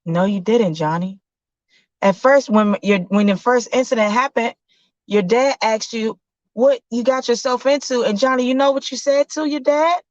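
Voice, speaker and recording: A woman's voice: fairly high pitch, normal speed, darkish tone, no echo, pitched above the performer's own voice, lightly acted. A woman telling a story and voicing a worried mother who fusses over her hurt son. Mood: insistent. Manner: urgent, fussing. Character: worried, fussing mother of a young boy. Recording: dull lo-fi sound.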